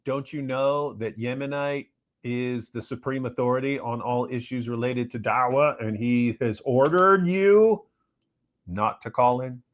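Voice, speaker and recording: A man's voice: mid-range voice, a little slow. A man appearing as a guest on a live stream, chatting casually and making dry, sarcastic asides. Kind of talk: casual livestream chat.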